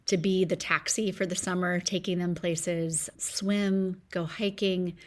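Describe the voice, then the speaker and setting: A woman in her forties hosting a solo podcast from home, talking in a reflective, upbeat way. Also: lowish voice. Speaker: podcast host.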